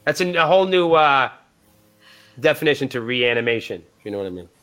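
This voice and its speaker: A man's voice: medium pitch, animated, brisk, sharp tone, clean tone. A man telling a long profane story on a podcast, acting out both sides of the dialogue. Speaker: band member guest. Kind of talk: casual storytelling. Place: live podcast interview.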